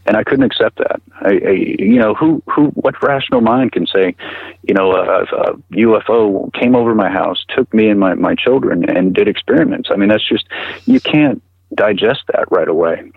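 Deep husky man on a phone line. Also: no room sound. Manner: halting, repeats words, earnest. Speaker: interview guest. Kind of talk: personal account in conversation.

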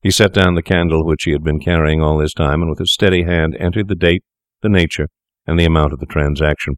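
Deep-voiced man narrating a tale. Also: steady tone, fast talker, clear, resonant tone, no echo, clean studio sound. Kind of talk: scripted narration.

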